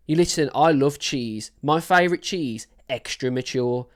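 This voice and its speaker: Picture a woman with a low, deep-set speaking voice hosting a music reaction. She rambles happily, piling on fillers and gushing over what she hears, in a loose and casual commentary. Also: normal speed, few pauses. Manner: enthusiastic, rambling with many fillers.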